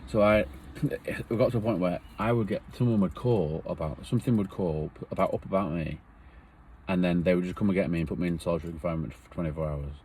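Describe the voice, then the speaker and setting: A man's voice: deep voice, quick pace, darkish tone, a little hiss or hum. A man earnestly retelling a painful personal story in a rambling, emotional way.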